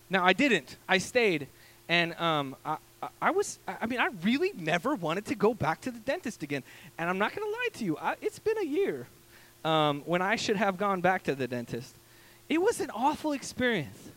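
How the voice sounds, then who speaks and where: Guy pastor telling stories in his sermon, high voice, bouncy, lots of ums, acts out what people said. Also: moderate pace. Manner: animated, acts out quoted voices, many fillers. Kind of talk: casual storytelling sermon. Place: church stage.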